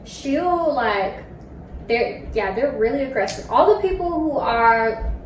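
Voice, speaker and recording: A young woman chatting casually, full of likes and ums, in a fairly high voice. She sits away from the mic. The room gives an echo, with a faint hiss behind. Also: expressive, takes it slowly. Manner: chatty storyteller with lots of fillers. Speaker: co-host friend. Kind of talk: casual chat. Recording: roomy echo, from far off, faint noise.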